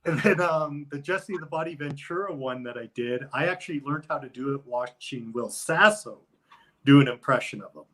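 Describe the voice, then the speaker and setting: A man's voice: mid-range voice, moderate pace, fairly bright tone, low-quality recording. A man talking loosely as an interview guest, rambling with lots of filler words. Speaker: guest, wrestler. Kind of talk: casual interview chat.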